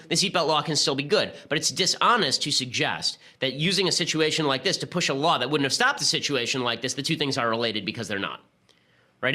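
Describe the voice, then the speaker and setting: Brief: male podcast host, fast argumentative political commentary, bright edge. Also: mid-range voice. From United States. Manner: rapid-fire argumentative delivery.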